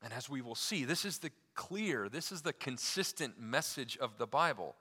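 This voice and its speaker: A man preaching a sermon, swinging from loud emphasis to hushed, deliberate lines, with casual asides full of fillers. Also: medium pitch, animated, breathy edge, in a large hall. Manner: emphatic preaching with wide swings in loudness, dropping to near-quiet for key lines. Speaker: pastor.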